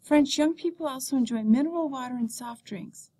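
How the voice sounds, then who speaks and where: A woman teacher reading a beginner French textbook lesson aloud, saying the French words slowly and clearly. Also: high voice, warm tone.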